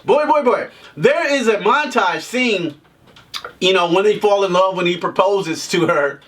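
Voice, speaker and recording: A man's voice: high voice, expressive, unhurried, a bit bright, recorded from a distance. A man giving a casual, comedic movie review, joking and swearing as he rants. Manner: profane, joking rant with frequent laughs.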